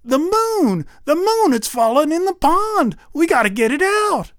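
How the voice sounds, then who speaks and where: A frantic, foolish fellow played by a man yelps in a squeaky, strained voice, far above his narrating voice and thrown loud, as if calling from across a pond. His pitch leaps wildly, and the recording is dry and close. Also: sing-song, a little slow, no room sound, exaggerated voice. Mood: panicked. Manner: frantic shouting, high and strained. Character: panicky simple man crying out about the moon.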